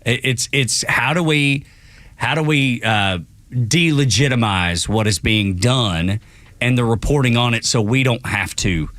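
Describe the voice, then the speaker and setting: A man co-hosting a morning radio show, talking in an excitable, emphatic way. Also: mid-range voice, a little slow, no room sound. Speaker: radio co-host. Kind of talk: casual radio talk-show chat.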